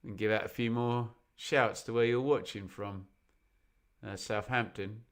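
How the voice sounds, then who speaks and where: A man's voice: lowish voice, fairly even intonation, measured pace. A man hosting a live football watch-along, chatting and joking as he reads out viewers' locations. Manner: chatty, jokey, bursts into snatches of song. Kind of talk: live-stream chat reading out viewers.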